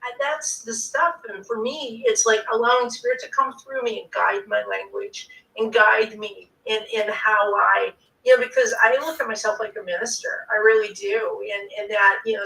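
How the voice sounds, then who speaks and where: A woman's voice: medium pitch, normal speed, creaky, sharp tone. A woman, a spiritual practitioner, talking casually and rambling as she searches for her words. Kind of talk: casual chat. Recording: roomy, distant from the mic.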